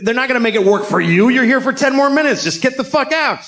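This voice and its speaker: Middle-aged male stand-up comic, deadpan, crude delivery that swings to shouting, lively pitch, on a stage mic. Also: quick pace. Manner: deadpan, profane, building to shouted rants. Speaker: stand-up comedian. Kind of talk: stand-up comedy set. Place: comedy stage before a live audience.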